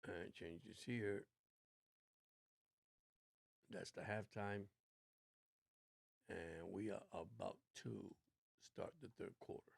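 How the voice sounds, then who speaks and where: A man's voice: low-pitched, steady tone, slow pace, gravelly, long pauses, no room sound, clean studio sound. A man hosting a casual sports watch-along livestream, chatting in a rambling, laid-back way. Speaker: livestream host.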